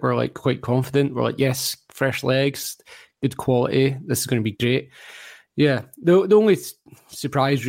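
A man's voice: mid-range voice, creaky, a little mellow, no room sound, studio quality. A man from Perth, a guest on a football podcast, talking eagerly and rambling with restarts. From Australia. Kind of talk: casual football podcast chat.

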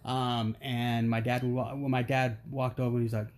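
A man's voice: mid-range voice, unhurried, slight background noise. A middle-aged man as a podcast guest, telling family stories in a casual, joking way and acting out the voices in them. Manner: animated storyteller, acts out quotes, jokey. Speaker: interview guest.

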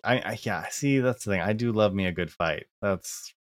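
Male podcast co-host, lowish voice, wry casual chat, dry recording. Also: moderate pace, no echo. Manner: wry, rambling, many restarts with "like".

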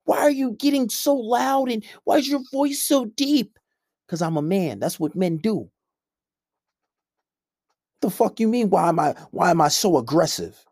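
A man's voice: high-pitched, warm tone, slightly rough, no echo, studio quality. Blunt, swearing male coach ranting. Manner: blunt, combative, heavy swearing. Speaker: men's coach. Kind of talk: profane ranting monologue.

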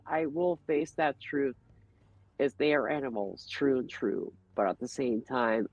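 A man's voice: mid-range voice, darkish tone, dry recording. A man guest on a podcast, talking casually and earnestly about his feelings and his bond with nature. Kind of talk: casual conversation. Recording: dull, lo-fi podcast audio.

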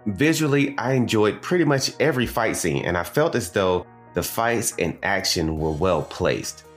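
Deep-voiced Southern American man reviewing. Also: lively intonation, moderate pace, soft background music. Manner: conversational, with digressions and asides to the audience. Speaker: anime reviewer and podcast host. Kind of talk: casual spoken review.

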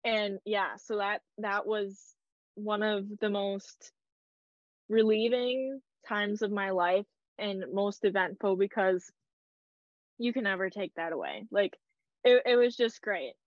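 A woman's voice: mid-range voice, slow, no room sound, dull audio. A young woman telling a personal story in a casual, emotional way, peppered with "like" and quoted dialogue. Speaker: guest.

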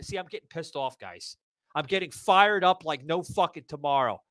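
A man's voice: high-pitched, very animated, moderate pace, a bit bright, no room sound. A man hosting a political talk show, ranting heatedly, swearing a lot and stumbling over repeated restarts. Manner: swears a lot, stammering restarts, gets fired up. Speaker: podcast host. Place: live audio room broadcast.

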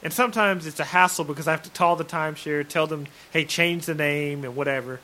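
Bright-voiced man asking questions. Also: on the high side, fast. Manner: questioning, thinks aloud. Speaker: guest asking about rentals. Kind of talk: casual chat.

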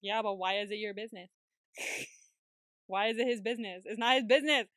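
A woman co-hosting a podcast, chatting casually in an animated way, laughing often and swearing freely. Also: medium pitch, fairly quick, no echo, clean studio sound. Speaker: podcast co-host. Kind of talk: casual recap chat.

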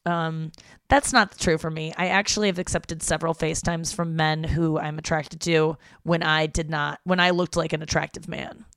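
A young woman hosts a podcast from home, rambling through an irritated, casual monologue and swearing freely. Her voice sits low with fairly even intonation at a moderate pace, fairly bright and smooth, in studio-quality sound with no room tone.

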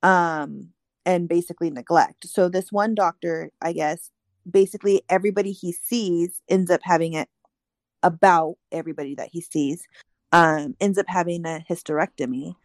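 A woman with a slightly low voice talks through a news story she is reading on the spot. She fills pauses with ums and restarts her sentences. The sound is dry and close. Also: dry recording. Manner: explanatory, reads aloud with many ums. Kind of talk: casual podcast discussion.

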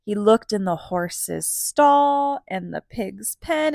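A woman reading a children's picture book aloud, gentle and animated, pausing to ask questions. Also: medium pitch, gravelly, no room sound, studio quality. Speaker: storybook reader for children.

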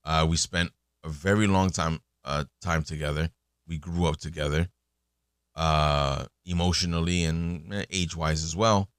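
A man's voice: rumbling low, fairly even intonation, unhurried, smooth, dry recording, clean studio sound. A man in his thirties hosting a podcast, talking in a casual, rambling monologue full of fillers and restarts. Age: 30s. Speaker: podcast host.

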